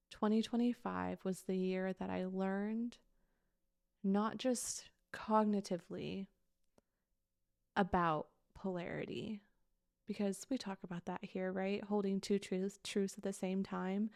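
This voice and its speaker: A woman's voice: mid-range voice, vocal fry, darkish tone, no room sound, clean studio sound. A woman in her thirties hosting a podcast, telling a personal story in a candid, emotional way with casual swearing. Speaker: podcast host.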